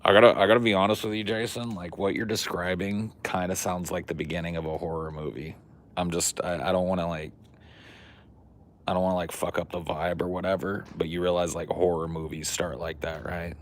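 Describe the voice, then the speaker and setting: A man's voice: low voice, steady tone, moderate pace, a little hiss or hum. A man hosting a podcast in crude, rambling banter, cursing and saying "dude" and "like" a lot. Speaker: podcast host.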